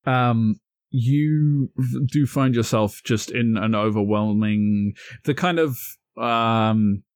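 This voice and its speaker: A man narrating scenes as game master of a tabletop game, relaxed and full of fillers. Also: mid-range voice, slow pace, no echo, clean studio sound.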